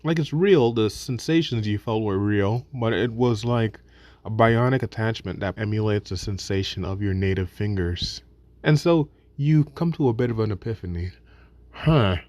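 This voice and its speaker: A man with a lowish voice narrating a reflective video essay, recorded dry and close. He talks casually and swears freely, stumbling into restarts and slipping into little acted asides. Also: moderate pace, a little mellow, no room sound.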